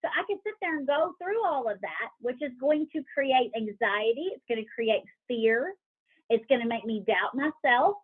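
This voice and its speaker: A woman leading a motivational team call, talking lively, acting out worried inner voices and asking her group questions over a call line. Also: a little high, moderate pace, breathy edge. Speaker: team leader coaching a sales team. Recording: tinny phone-like call audio.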